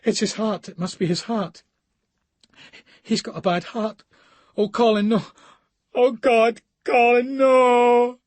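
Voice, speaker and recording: A man's voice: steady tone, slow pace, pauses often, no room sound. A man voicing a distraught woman, screaming and pleading frantically for her husband. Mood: frantic. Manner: high frantic shrieks and pleas.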